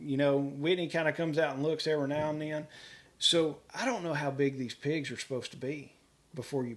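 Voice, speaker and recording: A middle-aged man with a slightly raised voice tells casual, lively homestead stories. He keeps slipping into the voices of the people in them and laughs easily as he goes. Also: a little high. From Kentucky, US. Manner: animated, quotes people in dialogue, laughs often. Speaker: homesteader guest. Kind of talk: casual storytelling.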